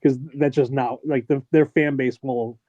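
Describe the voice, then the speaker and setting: A man on a sports podcast giving measured analysis, thinking aloud with fillers. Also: mid-range voice, fairly even intonation, no room sound. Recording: dry, slightly dull lo-fi sound.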